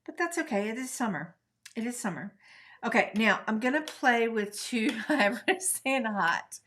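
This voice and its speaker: A woman's voice: on the high side, animated, moderate pace, fairly bright tone, slight background noise. Chatty woman hosting a craft livestream. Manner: chatty, upbeat, breaks into sing-song. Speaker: craft tutorial host. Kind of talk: live-stream craft demo, chatty.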